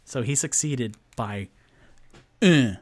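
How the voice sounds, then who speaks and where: Slow-talking excitable man running a game. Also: medium pitch. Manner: excitable, rambling, talks through dice rolls. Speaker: game master. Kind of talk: live-streamed tabletop narration.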